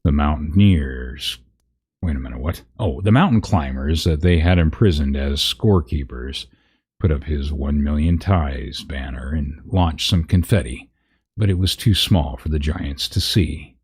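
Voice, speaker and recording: A man's voice: very deep voice, a little slow, darkish tone, husky. A man reading a parody fantasy story aloud, breaking off with wry asides about the text. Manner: reads aloud with wry asides at misread words. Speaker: narrator.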